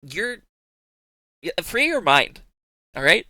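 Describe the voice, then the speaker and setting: A man's voice: fairly high pitch, very animated, slow pace, long pauses, bright, forceful tone, dry recording. A young man streaming live, chatting casually with his viewers, teasing them, swearing freely and laughing often.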